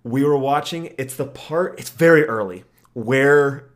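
A man co-hosts a laid-back podcast and tells stories with a lot of energy. He laughs often and sits at an average pitch for a man. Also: unhurried. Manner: animated storytelling, laughs often. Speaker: podcast co-host. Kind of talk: casual chat.

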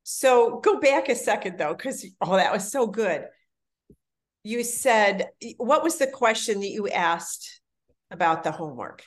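Slow-spoken woman host. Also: mid-range voice, expressive. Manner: measured, affirming, thoughtful questions. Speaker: interview host. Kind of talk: conversational interview.

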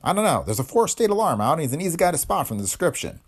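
A man voicing a gruff, blunt district attorney. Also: fairly high pitch, sing-song, racing, pitched above the performer's own voice, full character voice.

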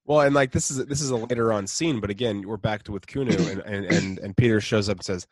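A man's voice: lowish voice, fast, no room sound. A man co-hosting a podcast in casual chat. He talks enthusiastically, laughs often and acts out quotes. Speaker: podcast co-host.

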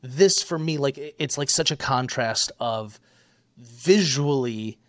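A man's voice: medium pitch, animated, slow, no room sound. A young man co-hosting a podcast, talking in a casual, rambling way full of fillers and laughs. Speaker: podcast co-host. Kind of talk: casual chat.

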